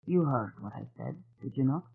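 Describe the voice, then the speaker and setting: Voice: mid-range voice, expressive, normal speed, creaky, breathy edge, soft background music. A narrator voicing a very tall, strange man who talks frankly and bluntly with odd politeness, over a tinny phone-like sound.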